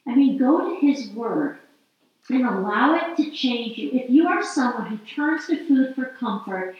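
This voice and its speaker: A woman with a fairly high voice gives an earnest, heartfelt faith talk, acting out prayers aloud. She sounds set back from the mic in a very echoey space. The sound is a little dull. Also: big pitch swings, unhurried. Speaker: faith and health teacher. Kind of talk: faith-based teaching talk. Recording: roomy, distant and slightly dull.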